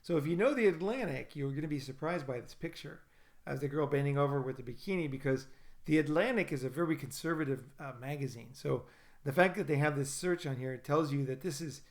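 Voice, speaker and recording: A man's voice: fairly high pitch, fairly quick. A man hosting a casual podcast chat, rambling and often repeating and restarting his words. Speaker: podcast host.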